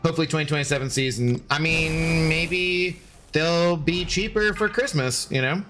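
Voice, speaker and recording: A man's voice: fairly high pitch, moderate pace, sharp tone, a little hiss or hum. A young man streaming a game, chatting casually and jokingly with his viewers as he plays. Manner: chatty, rambling, joking with chat.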